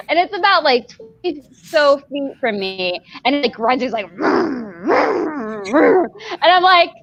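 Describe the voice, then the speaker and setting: A woman's voice: sits high, very animated, measured pace, fairly bright tone, highs cut off. Rambling woman podcast host. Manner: rambling, full of "like" and laughter. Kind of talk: casual storytelling.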